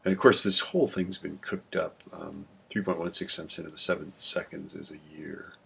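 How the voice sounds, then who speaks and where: A man's voice: deep voice, fairly even intonation, normal speed, gravelly, sharp tone, breathy edge. A male instructor giving an informal classroom lecture. He rambles, mutters calculations half-whispered under his breath, and tells corny jokes between topics.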